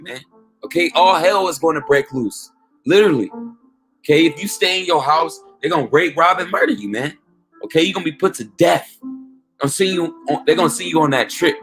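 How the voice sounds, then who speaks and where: A man gives an informal, emphatic street-style sermon with a slightly high voice. He drives each point home with repeated asides and questions. Soft music plays faintly underneath. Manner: emphatic, peppers talk with "man" and "okay?". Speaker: preacher.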